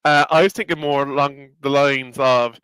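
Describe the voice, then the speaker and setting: Man, co-host, bright, crisp voice, blunt, bantering, dry close mic. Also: mid-range voice, fairly even intonation, normal speed, dry recording, poor audio. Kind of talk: casual football watchalong chat.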